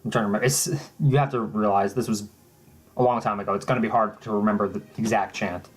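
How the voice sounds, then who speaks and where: A young man telling a mock-serious story in a halting, deadpan way, often restarting his sentences. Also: fairly low pitch, slightly rough. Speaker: vlogger.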